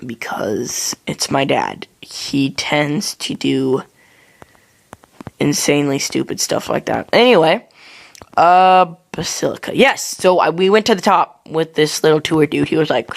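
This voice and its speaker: A young man tells a rambling, jokey story while playing a game. His voice has a gravelly fry, and he keeps correcting himself with plenty of fillers. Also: fairly high pitch, a little slow. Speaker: gaming channel host. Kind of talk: casual storytelling during a game.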